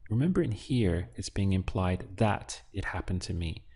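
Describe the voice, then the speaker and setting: A man teaching a language lesson, slow and patient, quizzing the listener with prompts. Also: sits low, animated, dark tone, breathy edge. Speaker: Spanish teacher.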